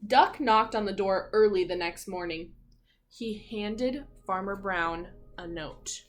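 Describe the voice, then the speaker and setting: A woman teacher reading a picture book aloud to children, gently explaining words and asking them questions. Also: medium pitch, expressive, measured pace, slight background noise.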